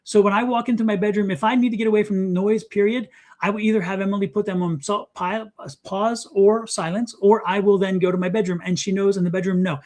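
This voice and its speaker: A middle-aged man with a high voice, speaking as a psychic guest on a talk show. He talks in an animated, emphatic way and repeats his commands to drive them home. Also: fast. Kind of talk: live psychic reading and advice.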